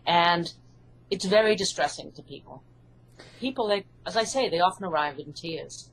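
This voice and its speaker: English woman, hypnotherapist guest, lower register, earnest and reassuring, faint noise on the line. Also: expressive, moderate pace, rough recording. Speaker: hypnotherapist and author. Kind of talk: interview answers.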